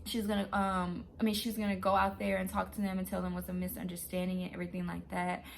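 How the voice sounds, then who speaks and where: A woman telling a true travel story in a casual, animated way, acting out her own reactions. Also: on the low side, fast, gravelly, slight background noise. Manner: animated, excitable retelling. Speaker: travel vlogger.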